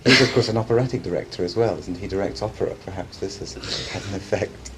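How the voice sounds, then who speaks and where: A man interviewing an actress, asking polite, measured questions. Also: low-pitched. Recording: old interview tape with faint hiss.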